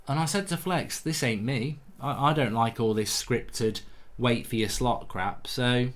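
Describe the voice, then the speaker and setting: A man's voice: mid-range voice, a little slow. Blunt man hosting a live football stream. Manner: blunt, opinionated, restarts often. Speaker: football fan channel host. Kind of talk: live stream, reading out chat comments.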